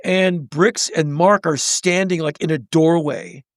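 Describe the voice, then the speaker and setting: A man's voice: on the high side, a little slow, no echo, studio quality. A man in his sixties, a podcast guest, telling a story animatedly and acting out the people in it. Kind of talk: storytelling in conversation.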